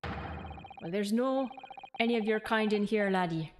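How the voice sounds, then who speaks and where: A woman voicing a gruff, hostile older male prison governor with an attempted Scottish accent. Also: medium pitch, unhurried, background noise, lightly acted. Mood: scornful. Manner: dismissive, scornful.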